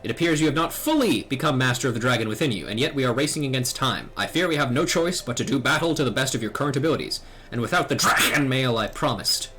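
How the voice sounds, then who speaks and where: A man's voice: mid-range voice, lively intonation, fast talker, few pauses, bright, forceful tone, faint music behind, pitched above the performer's own voice. A man voicing an old, stern knight mentor, reading game dialogue aloud in a solemn, formal way. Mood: urgent.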